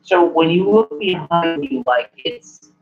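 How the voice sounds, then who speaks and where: A man narrating as game master in a halting way, filling gaps with "like". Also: high-pitched. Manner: halting, many "like" fillers. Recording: muffled lo-fi recording.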